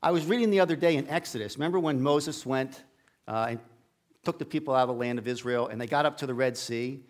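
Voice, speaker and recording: A man's voice: mid-range voice, fast. A middle-aged man preaching a casual storytelling sermon in a church sanctuary, acting out the characters' lines with a raised voice. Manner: folksy, acts out Bible characters' lines with raised voice.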